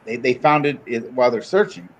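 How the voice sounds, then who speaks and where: Man, stream guest, casual slangy chat, mid-pitched voice, dull lo-fi audio. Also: brisk. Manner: laid-back and slangy, calls people dude. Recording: dull lo-fi sound.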